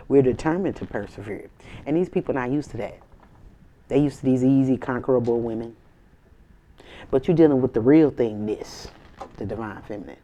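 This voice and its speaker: A woman's voice: very deep voice, warm tone. A woman tarot reader in a casual spiritual reading to camera, talking in an emphatic, slangy, preachy way with sassy asides.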